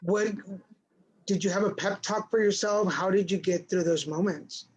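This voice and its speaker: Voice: medium pitch, normal speed, darkish tone, low-quality recording. An interview host with a mid-range voice who asks long, looping questions, stopping and restarting as they go. A faint hiss of noise sits under the speech. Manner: friendly, rambling questions with restarts, shifting pace. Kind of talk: casual interview chat.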